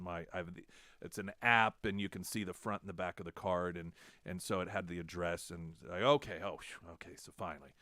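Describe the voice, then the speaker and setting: A man's voice: deep voice, dry recording, studio quality. A man hosting a talk radio show, casually telling a self-deprecating story and acting out the dialogue. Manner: self-deprecating, animated retelling with quoted dialogue. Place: radio studio.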